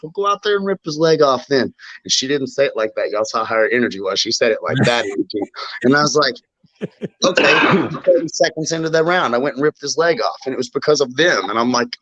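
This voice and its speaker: Fired-up fighter, dull dry audio. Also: male voice, medium pitch, fairly bright tone, dry recording. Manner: intense, fired-up storytelling, swearing. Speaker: bare-knuckle fighter. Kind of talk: casual interview chat.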